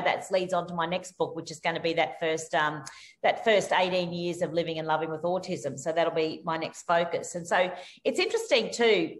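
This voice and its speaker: Animated woman telling stories. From Australia. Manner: animated storytelling, rises sharply in pitch for lively anecdotes. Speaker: guest author and speaker. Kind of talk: conversational interview.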